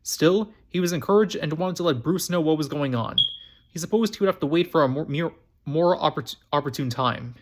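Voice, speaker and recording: A man reading a novel aloud on his own storytime channel, pitched a little high. He stumbles often, restarts words and repeats phrases as he goes. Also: lively intonation, a little fast, background noise. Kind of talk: amateur book reading.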